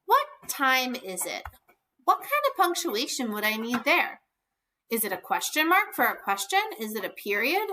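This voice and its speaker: Bright-voiced kindergarten teacher, slow and clear. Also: female voice, on the high side, big pitch swings, slight background noise. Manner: slow, clear and encouraging, stretching words for small children. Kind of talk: recorded lesson for young children.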